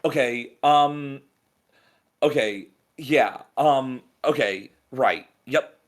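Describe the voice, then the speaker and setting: A man's voice: mid-range voice, drawn-out words. A man playing a tabletop role-playing game, talking in character and stammering when he gets flustered. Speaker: player.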